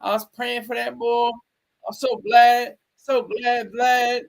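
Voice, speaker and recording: A man imitating an excited Southern rapper with a drawl who keeps repeating himself. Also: very high voice, slow, creaky, voice pushed up, heavily acted. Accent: Southern US drawl, put on.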